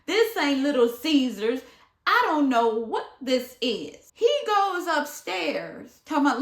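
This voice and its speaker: A woman from Michigan with a high, bright voice tells a casual storytime at an unhurried pace. She acts out each person she quotes with animated flair and sometimes drops to a near-whisper. The recording has the echo of a bare room. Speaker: vlogger. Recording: echoey room.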